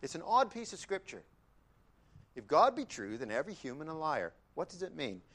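A man preaching a sermon, emphatic, dropping to quiet repetitions and then rising loud, with chatty asides to the congregation. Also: fairly high pitch, sing-song, moderate pace. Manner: conversational asides.

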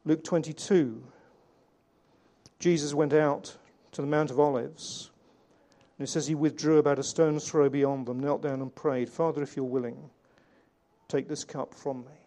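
A man preaching a sermon in an earnest way, slowing down and changing his volume to stress key points. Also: a little high, warm tone. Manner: earnest, varies volume for emphasis, slows on key lines.

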